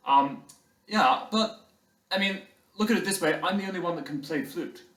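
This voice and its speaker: A man's voice: a little high, normal speed, a bit bright, voice pushed up, close to an everyday voice. A man doing a posh smug rich boy. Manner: posh, self-satisfied drawl. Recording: roomy hall, distant mic.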